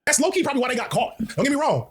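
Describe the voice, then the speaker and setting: A man giving fast, opinionated video commentary full of slang and jokes. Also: very high voice, breathy edge. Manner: animated, slangy, ranks and jokes.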